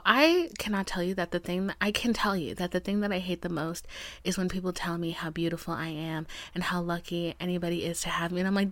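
A woman's voice: medium pitch, a little fast, fairly bright tone, no echo, studio quality. A woman in her twenties hosting a podcast, venting in a blunt, profane, heated way, dropping to whispered asides. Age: 20s. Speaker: podcast host. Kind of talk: candid solo podcast talk.

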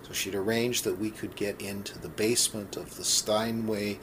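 A man in his sixties from Canada, a pianist telling stories casually in an interview, halting and full of fillers. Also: lowish voice, steady tone, a bit bright, a little hiss or hum. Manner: halting, many fillers and restarts. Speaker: pianist, part of a duo.

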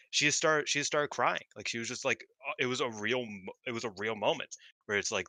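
Rambling, cussing guy with a bright voice. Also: medium pitch, a little fast, no echo. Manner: rambling, profane, lots of fillers. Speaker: podcast co-host. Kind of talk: casual chat about pro wrestling.

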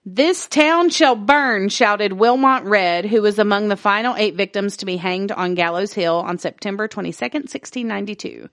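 A woman's voice: medium pitch, brisk, few pauses, a bit bright, no echo. Woman, casual podcast co-host reading a text aloud with jokey asides, dry close sound. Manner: laughs easily, swears casually, stumbles over words.

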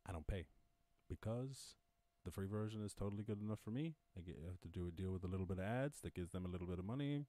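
A man's voice: sits low, expressive, fast, mellow, no echo. A man with an Irish accent hosting a casual lockdown live stream from home, rambling and joking with plenty of swearing. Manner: profane, jokey, rambling. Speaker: podcast host.

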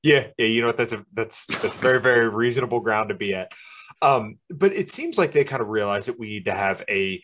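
Relaxed, low-voiced podcast host. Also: male voice, fairly quick. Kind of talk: casual interview chat.

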